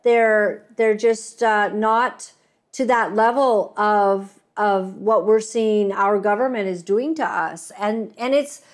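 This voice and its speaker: A woman's voice: mid-range voice, fairly even intonation, slow pace. A woman co-hosting a casual chat, reacting readily and laughing often.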